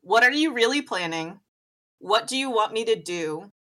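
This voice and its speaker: A woman's voice: on the high side, expressive, fairly bright tone. A woman running a tabletop role-playing game as game master, narrating with many fillers. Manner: unhurried, many fillers and laughs.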